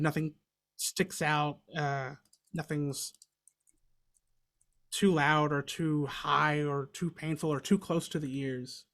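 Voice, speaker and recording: A man's voice: a little high, a bit bright. A man working as a sound engineer, casually explaining how audio mastering works. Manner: easygoing, explanatory.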